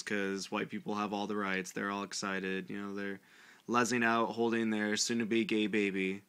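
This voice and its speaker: Mocking male vlogger, lowish bright voice, crude sarcastic read-aloud commentary. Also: smooth.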